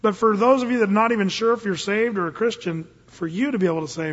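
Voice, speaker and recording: A man's voice: high-pitched, quick pace, hardly any pauses, fairly bright tone, breathy edge. An older man, a pastor, preaching a sermon in a casual, earnest way that rises suddenly into emphatic bursts. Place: church service. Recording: dull, long-reverb church recording.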